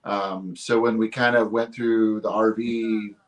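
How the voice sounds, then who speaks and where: A man's voice: on the low side, flat delivery, unhurried, low-quality recording. A middle-aged man from northern Indiana, a guest telling stories in an easygoing, rambling way. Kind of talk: casual interview chat.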